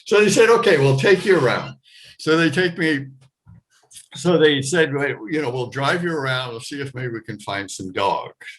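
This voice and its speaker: A man telling a personal story to an audience, getting animated and rising high with excitement. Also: normal speed. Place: performing arts center stage.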